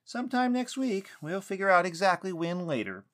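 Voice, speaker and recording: A polite, hesitant grown man on the case, pitched clearly higher than the teller's own voice, as a male narrator puts him on. He stumbles over fillers and stays courteous even when firm. The voice carries lively rises and falls. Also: moderate pace, heavily acted. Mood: stern. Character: earnest adult male investigator, hesitant.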